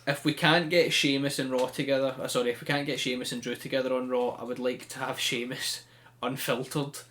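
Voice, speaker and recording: A man hosting a podcast, telling things in a chatty, animated way with frequent laughs. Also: mid-range voice, a little fast. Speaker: podcast host. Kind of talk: casual chat.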